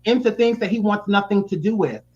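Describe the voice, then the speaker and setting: A man's voice: sits high, fairly quick, a little mellow, dull audio. A man giving blunt, sassy and profane reaction commentary. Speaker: YouTube commentator.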